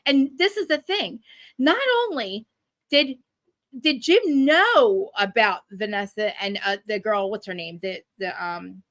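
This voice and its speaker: A woman ranting in casual chat, animated and profane, with many restarts. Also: mid-range voice, no room sound. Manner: rapid, profane, animated rant with frequent restarts. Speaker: guest commentator. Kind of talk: casual chat recapping a reality show.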